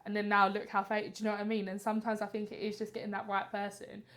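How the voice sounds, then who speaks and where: A woman's voice: medium pitch, monotone, quick pace, a bit bright. Friendly, emphatic woman guest. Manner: friendly, emphatic, laughs easily. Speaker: guest, actress and drama teacher. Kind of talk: casual chat.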